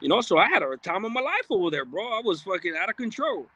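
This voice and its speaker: A man's voice: high-pitched, very animated, fast, bright, forceful tone, husky, no room sound. A man hosting a livestream, reading viewer comments aloud in a blunt, streetwise, casual way with frequent profanity. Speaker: livestream host.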